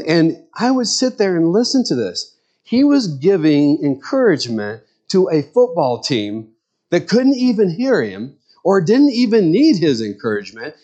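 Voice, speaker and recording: A man's voice: a little high, very animated, moderate pace, dark tone, lo-fi sound. A middle-aged man, a pastor, preaching a sermon in an earnest, conversational way with personal stories.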